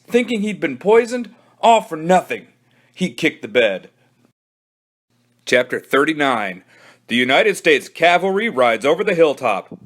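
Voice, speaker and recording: A man, a children's librarian, reading a children's book aloud with animated storytelling. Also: on the high side.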